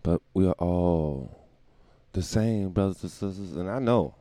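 A man's voice: deep voice, unhurried, dark tone, dry recording. A man hosting a show, riffing in a rambling, irreverent comedic monologue with laughs and profanity. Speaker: podcast host.

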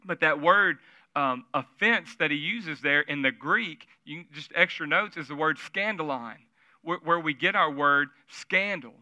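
Bright, crisp-voiced male preacher. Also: on the high side, measured pace, no echo, highs cut off. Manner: conversational storytelling, asks the audience questions. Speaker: pastor. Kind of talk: sermon. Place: church service.

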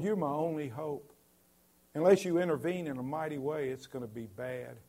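A male pastor preaching a sermon in an earnest, emphatic way, his voice swelling loudly at points. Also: medium pitch.

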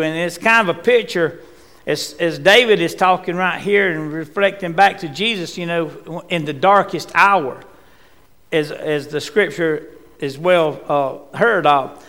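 A man preaching a sermon in a church, rising to impassioned cries and then dropping quiet. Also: a little high. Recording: long reverb in a church hall.

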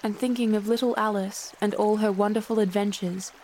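A woman narrating a classic storybook in a measured, clear reading voice. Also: mid-range voice, fairly even intonation, a little mellow, a little hiss or hum. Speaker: storybook reader.

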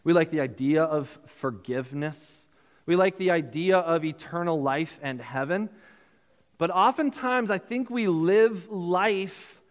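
A man with a fairly high voice preaches a Christmas sermon in a church sanctuary. He keeps it conversational, repeating phrases and restarting as he goes. His words ring out with a long hall reverb. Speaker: pastor.

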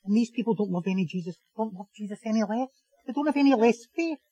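A man preaching a sermon as pastor, animated and joking, repeating phrases for emphasis. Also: sits high, quick pace, dry recording, poor audio.

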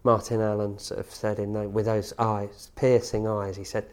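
A man's voice: on the low side, little pitch movement, normal speed, smooth. A man recalling football stories in an interview with enthusiasm and laughter. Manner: enthusiastic, laughing while recounting. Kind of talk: interview reminiscence.

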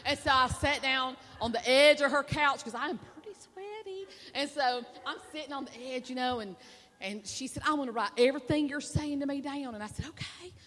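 A woman preacher telling a folksy, animated story in a sermon at a women's conference, laughing and acting out the voices. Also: high voice, brisk. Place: stage at a women's conference with a hall's reverb. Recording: long hall reverb.

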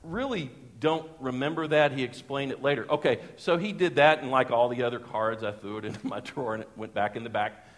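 A middle-aged man, preaching a sermon as a pastor and telling a personal story in a lively, folksy way with chuckles. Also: mid-range voice, fairly quick. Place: church sanctuary. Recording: long church hall reverb.

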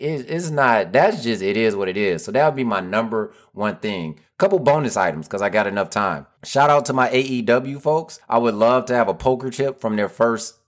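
A man's voice: mid-range voice, animated, a little fast, hardly any pauses. A man hosting a wrestling podcast, talking casually and animatedly, joking as he goes. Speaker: podcast host. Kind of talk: solo podcast monologue.

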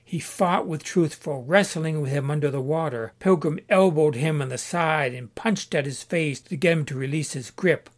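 Man, story narrator, steady measured reading, a bit high-pitched. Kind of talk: scripted audiobook narration.

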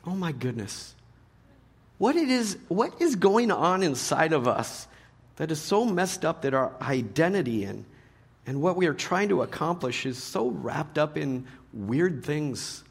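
A middle-aged man preaching a sermon to a live church audience, joking and animated, swinging between loud punchlines and hushed earnest points. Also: medium pitch, measured pace, creaky, husky. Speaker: pastor.

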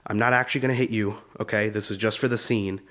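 A man's voice: lowish voice, fairly even intonation, fast talker, fairly bright tone, lightly acted. A man voicing a nervous young man on a film set who hesitantly reassures a co-star.

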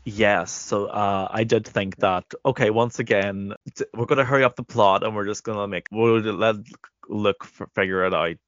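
Man co-host, low voice, relaxed recaps, dry close mic, slightly dull sound. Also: normal speed, no echo. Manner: relaxed recapping, hesitant restarts. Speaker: podcast co-host. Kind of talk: casual chat reviewing a TV episode.

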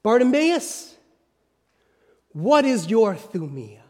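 A gentle male teacher asks a kind question, voiced by a preacher. The voice sits high and moves lively, and a long reverb hangs after each phrase. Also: slow pace, full character voice.

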